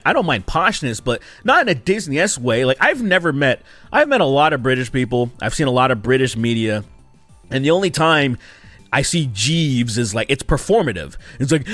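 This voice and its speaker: A man giving a casual spoken game review, animated and exasperated, with mocking asides. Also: mid-range voice, dry recording, soft background music. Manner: animated and exasperated, mocking characters with quick impressions.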